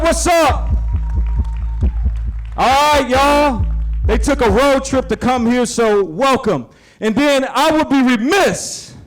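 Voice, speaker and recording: High-voiced man leading crowd chants. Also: low-quality recording. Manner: energetic, shouted chants with a slow, stretched cadence. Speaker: program founder and host. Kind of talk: call-and-response crowd leading. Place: large indoor stage, live audience.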